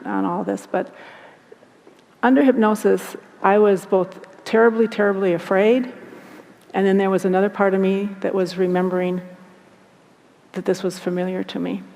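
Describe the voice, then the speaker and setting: A woman earnestly recounting personal experiences, speaking in a halting, reflective way. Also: mid-range voice, creaky, a little mellow. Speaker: guest recounting abduction experiences. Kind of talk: personal storytelling. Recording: long hall reverb.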